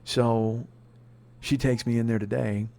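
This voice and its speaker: A man's voice: medium pitch, steady tone, unhurried, gravelly, a little mellow. Rambling, cussing man telling a story. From Chicago. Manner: rambling, profane, self-deprecating. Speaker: podcast host. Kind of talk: casual comedic storytelling.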